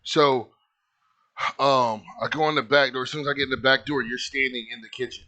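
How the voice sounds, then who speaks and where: Young man, bright-toned, casual storyteller who rambles and swears. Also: mid-range voice, fairly even intonation, fairly quick. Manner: rambling, lots of filler likes, swears freely.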